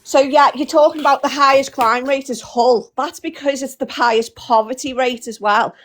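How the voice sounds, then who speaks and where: High-voiced woman scolding angrily. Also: steady tone, moderate pace, a bit bright. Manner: scolding, insulting. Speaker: caller. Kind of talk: heated argument.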